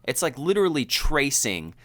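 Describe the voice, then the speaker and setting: A man co-hosting a podcast, retelling a film in animated, casual chat full of fillers. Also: medium pitch, normal speed. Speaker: podcast co-host.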